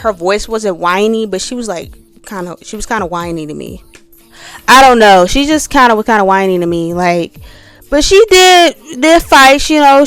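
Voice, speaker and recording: Chatty woman with smooth voice, faint music. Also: mid-range voice. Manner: chatty, repetitive fillers, mocking whiny imitations. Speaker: reality show commentator. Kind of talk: casual rating commentary.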